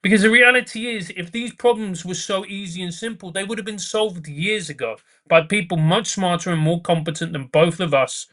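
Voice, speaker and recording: Male comic guest, bright and slightly high, earnest, emphatic repetition. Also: normal speed, hardly any pauses. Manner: earnest, repeats phrases for emphasis. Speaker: podcast guest, comedian. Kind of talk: casual chat.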